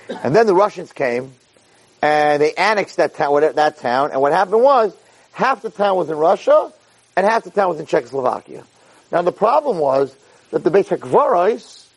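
A man giving a Torah class as an animated storyteller, peppering his talk with Hebrew terms and rising high for emphasis. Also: poor audio.

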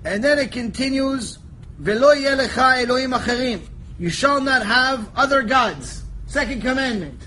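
A man teaching a Torah lecture, animated storytelling that jumps between quiet asides and shouted lines, joking with his listeners. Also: extremely high pitch, normal speed, a little hiss or hum, poor audio. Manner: animated storytelling, acts out voices, jokes, shouts for emphasis. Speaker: rabbi teaching a lecture series.

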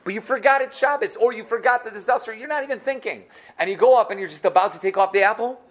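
A man teaching a lively Torah lesson, animated and acting out little scenes. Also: high-pitched, fast talker, highs cut off. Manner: animated, acts out dialogue.

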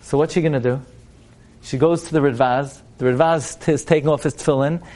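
Animated male religious teacher, high voice, dramatic storyteller. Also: fairly quick. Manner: animated, dramatic, addresses listeners directly. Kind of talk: storytelling lesson.

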